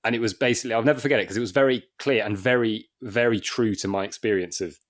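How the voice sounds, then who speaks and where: In a lowish voice and at a quick clip, a man appears as a comedian guest on a podcast, chatting casually. His talk rambles with frequent restarts and small performed dialogues.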